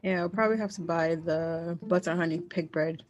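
A woman's voice: lowish voice, steady tone, moderate pace. A woman co-hosting a podcast, chatting casually and laughing often. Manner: brief responses, laughs often. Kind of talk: casual chat. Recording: dull lo-fi sound with faint music.

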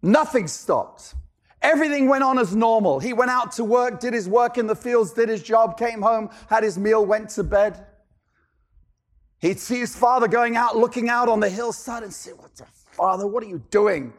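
High-voiced man preaching a lively sermon. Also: moderate pace. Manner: rhetorical questions, emphatic repetition. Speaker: pastor.

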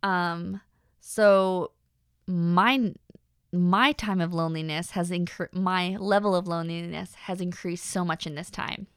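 A young woman hosting a podcast in a casual personal monologue, chatty with lots of fillers and animated faith-centered asides. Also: fairly low pitch, slow pace, clear, resonant tone, no echo, studio quality. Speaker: podcast host.

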